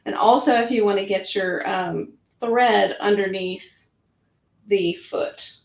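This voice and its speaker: Chatty woman demonstrating with vocal fry. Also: medium pitch, slow. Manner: chatty, with frequent fillers, narrating her own actions. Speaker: product demonstrator. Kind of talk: hands-on sewing machine demonstration. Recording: roomy echo.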